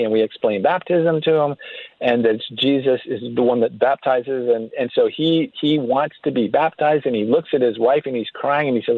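A man's voice: medium pitch, brisk, no echo. A man, a guest on a radio interview, telling stories earnestly and often restarting his sentences. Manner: earnest, faith-filled storytelling with frequent restarts. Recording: tinny phone-line sound.

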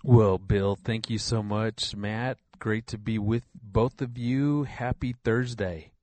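A man's voice: on the low side, fairly even intonation, slow pace, darkish tone, dry recording. A middle-aged man who is a regular guest on a Christian radio show, telling stories earnestly and often repeating words as he thinks. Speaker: regular guest, relationship counselor. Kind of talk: radio interview, storytelling.

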